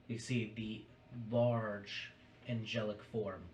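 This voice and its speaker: Slow, low-voiced game master man. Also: steady tone. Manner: descriptive, measured. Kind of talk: narrating a tabletop game. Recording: roomy distant mic, faint noise.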